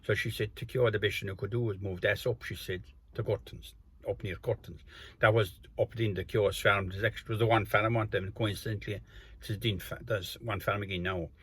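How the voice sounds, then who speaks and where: A man's voice: fairly low pitch, fairly even intonation, fairly quick, fairly bright tone, husky. An older man with a Kerry Irish accent telling a rambling local folk story in a colloquial storytelling style. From Ireland. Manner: meandering, colloquial, acts out quoted voices.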